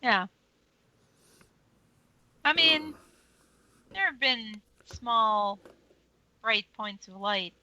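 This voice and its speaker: Female podcast co-host, slow, dry delivery, bright and forceful voice. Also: on the high side, lively intonation. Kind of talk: casual chat.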